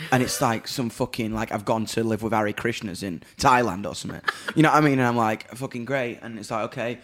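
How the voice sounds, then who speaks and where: Sweary British bloke telling a story. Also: male voice, mid-range voice, brisk, few pauses. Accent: British English. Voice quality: animated, swears freely, acts out dialogue. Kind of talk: casual chat, telling a funny anecdote.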